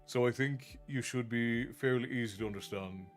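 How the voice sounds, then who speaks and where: A middle-aged man from Newfoundland with a mostly American-sounding accent and faint Newfoundland traces, chatting with his live chat and pausing often to think. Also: mid-range voice, soft background music. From Newfoundland, Canada. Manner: pauses to think, frequent restarts. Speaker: streamer.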